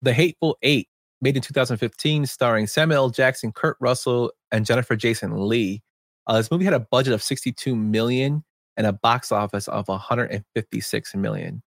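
A man's voice: mid-range voice, a little fast, dry recording, studio quality. A man co-hosting a podcast, chatting about films in a loose, rambling way and reading out film facts. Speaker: podcast co-host. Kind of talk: casual film chat.

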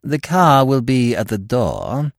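Unflappable young secretary, quiet and clipped, read by a man, low-pitched. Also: expressive, normal speed, no echo, studio quality, close to an everyday voice. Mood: cool. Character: calm, efficient young male secretary.

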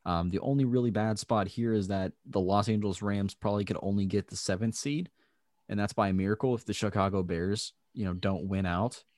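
A man's voice: on the low side, steady tone, brisk, darkish tone, dry recording. A man on a sports talk panel, hesitant and full of ums, but eager about his picks. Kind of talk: casual sports chat.

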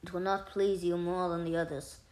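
A woman's voice: on the low side, little pitch movement, a little fast, darkish tone, lightly acted. A woman voicing a greedy, sly female cat in a storybook tale, with a cool, offhand, smug manner. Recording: roomy echo.

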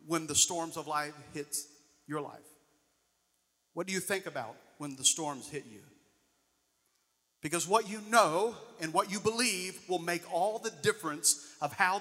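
High, bright-voiced preaching man. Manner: preaching, rising and falling emphasis, asks the congregation questions. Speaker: pastor. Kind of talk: sermon. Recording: long reverb of a large hall.

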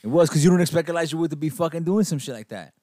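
A man's voice: a little high, racing, warm tone, no echo, clean studio sound. A man co-hosting a casual film-review podcast, talking in slangy, profane speech and teasing his co-host.

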